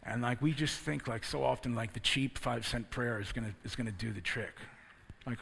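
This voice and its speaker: A man preaching a sermon, telling a personal story and building to loud, emphatic preaching. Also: mid-range voice, steady tone, moderate pace, vocal fry, a little hiss or hum.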